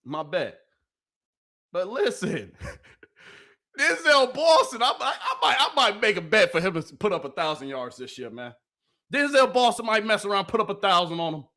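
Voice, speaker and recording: A man hosting a live sports reaction stream, loud and excitable, often yelling and laughing into a close microphone. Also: sits high, moderate pace. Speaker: sports reaction livestream host. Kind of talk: hyped live commentary on football clips. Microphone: close microphone he yells into.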